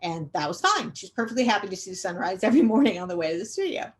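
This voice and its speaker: A middle-aged woman giving a conversational training lecture to educators, repeating key points for emphasis and often pausing on "um". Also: mid-range voice, big pitch swings. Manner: conversational, repetitive emphasis, frequent um fillers. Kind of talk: recorded training webinar lecture.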